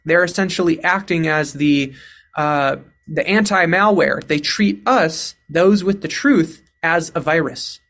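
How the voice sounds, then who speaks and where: A man recounting a personal story in an earnest, self-assured, steady way. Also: fairly high pitch, gravelly. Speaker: interviewee.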